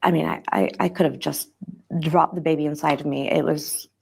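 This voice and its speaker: A woman giving an interview, speaking in a halting, hesitant way with many restarts as she recounts a personal account. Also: low-pitched, steady tone, gravelly, darkish tone, breathy edge.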